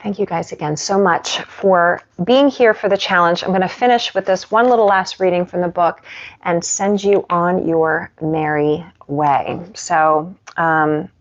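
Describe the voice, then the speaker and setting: A woman's voice: on the low side, fairly even intonation, unhurried, muffled recording. A woman yoga instructor chatting casually on a live stream from her living room and reading from her book. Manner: chatty and warm with pets, laughs often.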